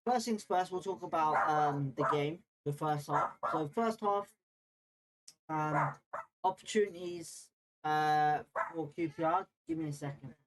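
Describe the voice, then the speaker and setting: A man's voice: a little high, a little slow, background noise. Brief: man, football watchalong host, casual and opinionated, chats directly to viewers. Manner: opinionated, talks straight to viewers. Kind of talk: casual live match watchalong chat, reading viewer comments.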